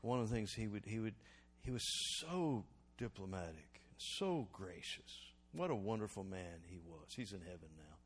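A man preaching a sermon as pastor, calling for responses from the congregation and swinging between loud exhortation and quiet reflection. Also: on the low side, lively intonation, moderate pace, slightly rough.

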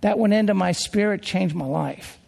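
A man preaching a sermon as a pastor, in an earnest, slow delivery full of rhetorical questions. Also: high voice, creaky, a little mellow. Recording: long hall reverb.

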